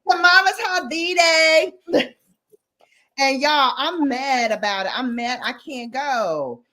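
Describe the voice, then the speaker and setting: A woman hosting a casual live stream, chatting with viewers and ranting in an animated, slangy way with lots of laughter. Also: sits high, slow pace. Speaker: livestream host. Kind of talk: casual live chat and rant.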